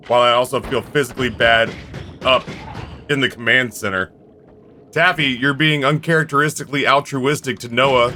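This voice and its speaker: A man's voice: medium pitch, pushed and bright, a little hiss or hum. A man streaming live, telling stories in a rambling, candid way. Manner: rambling, candid storytelling with quick impressions. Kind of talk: casual chat.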